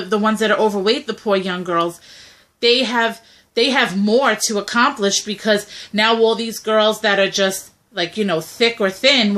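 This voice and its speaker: A woman's voice: medium pitch, fairly bright tone. A young woman co-hosting a casual talk video, speaking bluntly and animatedly, often acting out quoted messages. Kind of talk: casual opinionated chat.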